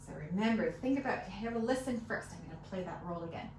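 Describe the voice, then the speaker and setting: A woman's voice: medium pitch, expressive, quick pace, loud music behind the voice. A woman teaching a fiddle lesson, patiently encouraging and counting beats aloud, with fiddle playing behind her. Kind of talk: one-on-one music lesson. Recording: echoey room, mic at a distance.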